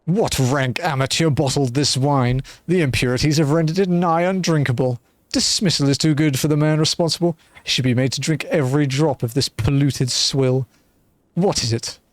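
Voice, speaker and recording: A man voicing an arrogant male wine baron from a game, speaking slowly with scorn and dismissal. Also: on the high side, no room sound, close to an everyday voice. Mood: contemptuous. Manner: scornful, dismissive, slow and deliberate.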